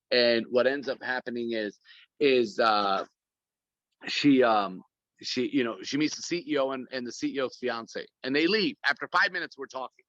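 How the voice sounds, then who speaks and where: Man on a phone call, bright forceful voice, dry dull sound, gushing, keeps restarting. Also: medium pitch, no echo. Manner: rambling and effusive, many restarts. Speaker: guest speaker. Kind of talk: casual video call talk. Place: corporate office.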